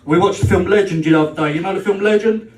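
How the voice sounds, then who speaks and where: With a quick pace and a high, slightly mellow voice, a stand-up comedian performs in a club function room amid slight background noise. He teases the crowd, swears cheekily, and acts out rows with his girlfriend; the live recording is roomy and distant.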